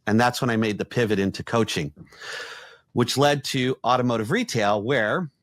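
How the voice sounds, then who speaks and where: A middle-aged man, an executive coach, telling blunt, animated stories in a podcast conversation and acting out the quotes. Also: mid-range voice, moderate pace, no echo.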